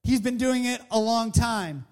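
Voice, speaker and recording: A man preaching a sermon in an animated, conversational way, acting out the people he quotes. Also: very high voice, a little slow.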